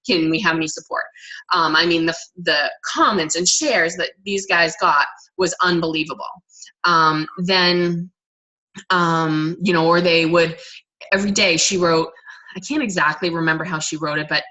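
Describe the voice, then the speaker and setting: A woman's voice: on the low side, moderate pace, bright, forceful tone, muffled recording. A woman coaching her team on a conference call, talking casually in long rambling stretches with many restarts and fillers. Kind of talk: casual motivational talk. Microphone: conference call line.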